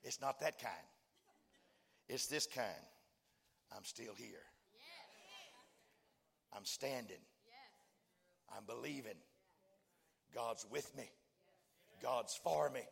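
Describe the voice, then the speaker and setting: A man's voice: medium pitch, takes it slowly, vocal fry, pauses often. A male preacher delivering a sermon, mixing folksy joking asides to the congregation with rising, fervent declarations. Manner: builds to fervent shouting, acts out dialogue.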